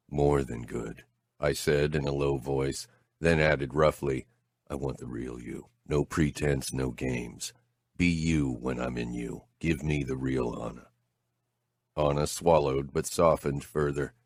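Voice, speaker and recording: Super deep guy reading an audiobook, slow and measured, dry booth sound. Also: no echo. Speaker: audiobook narrator. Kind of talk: first-person audiobook narration.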